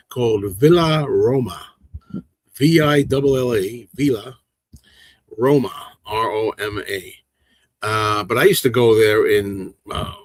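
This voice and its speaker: This man in his sixties, hailing from a large city in the US Northeast, hosts a livestream and chats casually with viewers in the live chat. His mid-range voice comes through with no echo as he rambles quickly and passionately, restarting often.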